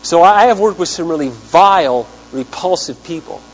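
A man preaching a sermon, telling a story in an animated way and acting out the people he quotes. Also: a little high, moderate pace, muffled recording. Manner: animated storyteller, acts out quotes, big swings in loudness. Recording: hum with long hall reverb.

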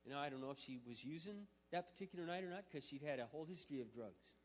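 A man's voice: a little high, lively intonation, very fast, a little hiss or hum. Man preaching in a reverberant hall. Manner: swings from quiet intimate storytelling to loud emphatic preaching. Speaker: pastor. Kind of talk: sermon storytelling. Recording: muffled sound with long hall reverb.

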